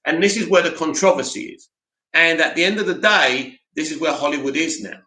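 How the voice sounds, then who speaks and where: A man's voice: on the high side, brisk, bright, forceful tone, reverberant, rough recording. A man hosting a live stream, answering chat messages with blunt, opinionated rants.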